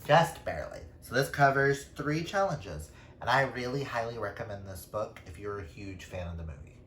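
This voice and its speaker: A man's voice: fairly low pitch, expressive, normal speed, fairly bright tone, a little hiss or hum. Chatty man in an echoey room. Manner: chatty and self-deprecating, with playful asides. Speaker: book reviewer. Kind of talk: casual book wrap-up chat. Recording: roomy echo.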